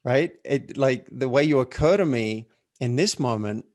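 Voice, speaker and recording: Measured, reflective male business coach. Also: mid-range voice, a little mellow, no room sound. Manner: deliberately slow, measured, inviting. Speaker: business coach, podcast guest. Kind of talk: reflective conversational advice.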